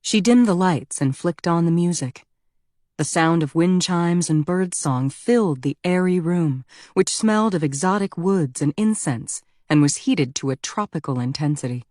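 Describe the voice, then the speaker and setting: A woman narrating a thriller audiobook in a measured, even storytelling delivery on a close mic. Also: on the low side, no echo.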